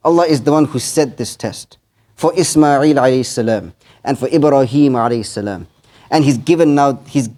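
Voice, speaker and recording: A man's voice: mid-range voice, warm tone. A man, an imam, giving a sermon in the manner of an earnest storyteller, quoting Arabic verses and translating each one.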